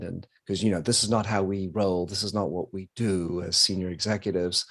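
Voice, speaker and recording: A man's voice: low voice, steady tone, a little fast, hardly any pauses. A man hosting a podcast interview, talking conversationally and sharing a personal anecdote. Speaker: podcast host.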